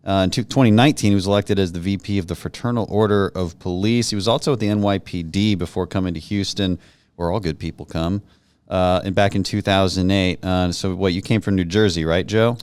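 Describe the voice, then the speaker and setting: A man's voice: low voice, fairly quick, smooth, no echo. A man hosting a podcast interview, chatting casually and jokingly with plenty of fillers. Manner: relaxed, joking, many fillers. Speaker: podcast host, congressman.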